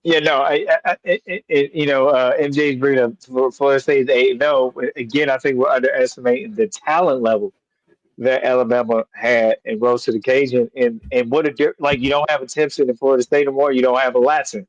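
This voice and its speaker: A man's voice: medium pitch, steady tone, dry recording, muffled recording. A man, a coach, talking basketball casually, often stumbling and restarting his sentences. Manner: halting, restarts sentences, laughs easily. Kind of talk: casual sports talk.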